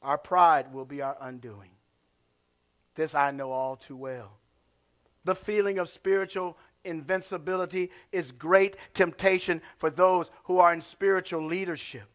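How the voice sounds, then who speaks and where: A man preaching a sermon as pastor. He swings from hushed asides to shouted lines and calls out to the congregation. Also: fairly high pitch, fairly even intonation, unhurried.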